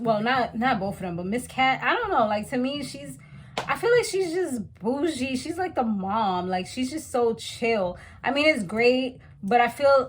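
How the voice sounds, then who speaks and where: A woman from the West Indies giving a chatty, slangy recap of a reality TV episode, talking straight to her viewers. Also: medium pitch.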